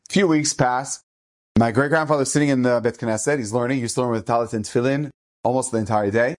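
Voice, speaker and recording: A man telling a family story as an inspirational talk, animated and emphatic, acting out the people in it. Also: medium pitch, fast talker. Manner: animated, acts out the people in his stories; emphatic, punches key phrases. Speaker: inspirational speaker.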